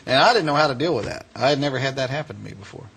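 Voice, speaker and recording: A man giving a speech, telling a story to an audience in an animated, chuckling way. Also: medium pitch, rapid-fire, vocal fry, breathy edge. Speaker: speaker.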